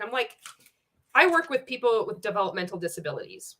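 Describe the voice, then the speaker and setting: A woman's voice: mid-range voice, big pitch swings, a little fast, fairly bright tone. A woman giving a sarcastic, profane commentary, laughing often as she picks apart a video. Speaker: anti-MLM commentator. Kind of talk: casual ranting commentary.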